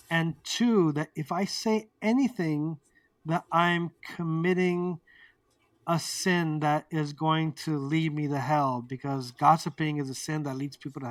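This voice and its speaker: A fairly high-voiced man tells his own story as an interview guest. He talks in a candid, animated way, acts out heated exchanges and swears without holding back. The mic sits a little away from him in a dry, deadened room. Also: no room sound, far from the mic. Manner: animated, acts out quoted arguments, swears freely.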